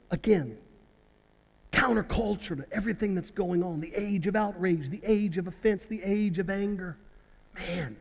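A man preaching a sermon as pastor in church, halting and repeating words, then building to loud outbursts. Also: high-pitched. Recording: long hall reverb.

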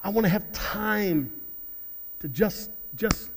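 A man preaching a sermon as pastor in church, halting and repeating words, then building to loud outbursts. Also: sits high, lively intonation. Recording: long hall reverb.

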